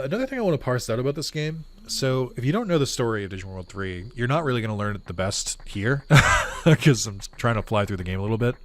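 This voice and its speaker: A man doing casual let's-play commentary for his gaming channel, rambling with lots of fillers and chuckles. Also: on the low side. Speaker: gaming YouTuber.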